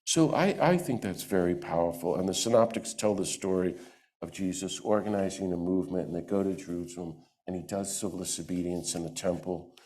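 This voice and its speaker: Animated man speaking in a church. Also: low voice, fairly quick, slight background noise. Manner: animated, acts out quoted voices. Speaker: guest speaker. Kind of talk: lively talk to a church audience. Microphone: microphone.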